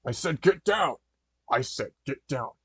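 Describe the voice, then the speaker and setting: A man's voice: mid-range voice, animated, slow pace, no room sound. Man reading as a barking electric supervillain. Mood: commanding. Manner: barking, threatening, repeats himself. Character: menacing male electric-powered villain.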